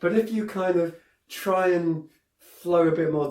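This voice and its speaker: A man's voice: high-pitched, lively intonation, moderate pace, darkish tone. A man giving a piano lesson, talking in a chatty, digressive way with many fillers and restarts. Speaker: piano teacher. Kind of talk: piano tutorial. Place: room with a piano. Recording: roomy, a bit far from the mic, piano in the room. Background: piano playing.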